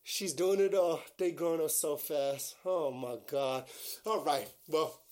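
A man's voice: fairly high pitch, unhurried, darkish tone. A man hosting his own podcast, talking in a casual, rambling monologue full of "like" and "you know" and turning openly emotional. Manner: gushing and emotional. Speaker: podcast host.

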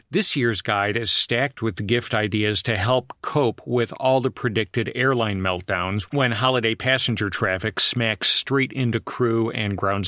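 A man's voice: fairly low pitch, pushed and bright, no echo, clean studio sound. A man hosting a solo travel podcast, telling stories in a conversational way with frequent asides. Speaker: podcast host.

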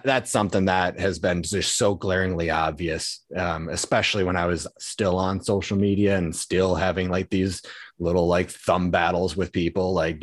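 A man's voice: deep voice, dry recording, clean studio sound. A man, a father of a young child, in casual conversation, talking earnestly and thoughtfully with fillers. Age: adult father of a young daughter.

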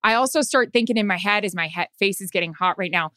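A woman's voice: medium pitch, fast talker, pushed and bright, smooth, no echo, clean studio sound. A woman, a sideline reporter, telling an anxious story in casual chat.

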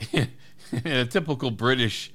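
A man's voice: mid-range voice, slow pace, fairly bright tone. A man co-hosting a podcast, casually retelling movie scenes and laughing often as he talks. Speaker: podcast co-host. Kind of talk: casual film discussion chat.

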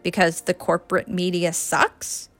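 A woman's voice: on the low side, completely flat delivery, unhurried, a bit bright, dry recording, faint music behind. A woman reading the lines of a flustered, defensive young man in a storybook. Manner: sputtering, defensive.

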